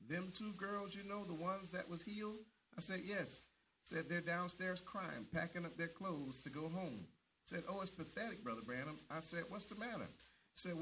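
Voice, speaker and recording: A man's voice: on the high side, bright, forceful tone, slight background noise. A man preaching a sermon with fervent emphasis, often repeating words as he restarts and punctuating lines with amens.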